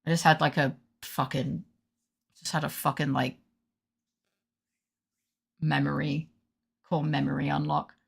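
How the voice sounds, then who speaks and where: A woman's voice: sits low, flat delivery, unhurried, vocal fry, pauses often, breathy edge. A woman streamer chatting casually during a game stream, rambling, swearing freely and going on rants. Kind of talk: casual gaming stream chat.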